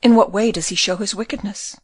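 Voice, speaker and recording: A woman's voice: mid-range voice, fairly quick, breathy edge, dry recording, close to an everyday voice. Woman reading as a cool commanding young prince. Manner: calm, probing questions. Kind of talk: audiobook character reading.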